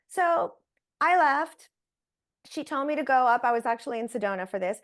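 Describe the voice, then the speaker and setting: Woman guest telling her story, lively, mimics what people said to her. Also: on the high side, normal speed. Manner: animated, acts out quoted voices. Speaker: interview guest. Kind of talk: personal storytelling.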